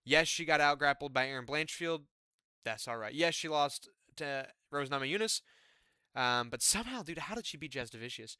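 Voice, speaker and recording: Young male host, excitable and chatty fight-pick breakdown, bright forceful tone, dry close sound. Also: a little high, normal speed, clean tone, dry recording. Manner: excitable, chatty, fillers like man and dude. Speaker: MMA fight predictor. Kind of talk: casual fight-card breakdown.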